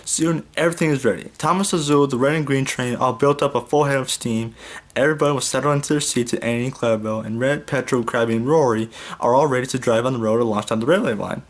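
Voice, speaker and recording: A man's voice: medium pitch, fast talker. A young man casually reading a fan fiction story aloud as a YouTube host, stumbling and restarting now and then. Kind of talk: casual read-aloud narration.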